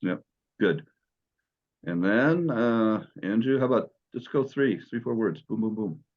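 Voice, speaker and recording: A man's voice: on the low side, lively intonation, unhurried, dull audio. A man teaching Greek in an online class, patient and encouraging as he explains step by step.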